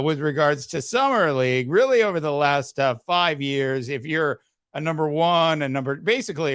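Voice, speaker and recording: A man hosting a casual sports podcast, halting with many fillers and throat-clearing, his voice slightly hoarse. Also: a little high, a bit bright, no room sound, clean studio sound. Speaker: podcast host. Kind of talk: casual sports talk livestream.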